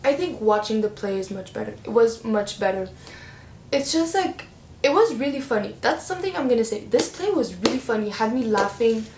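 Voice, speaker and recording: A young woman chatting casually as a book vlogger, expressive and playful, with slang. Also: on the high side. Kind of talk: casual book review chat. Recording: roomy echo with faint background hiss.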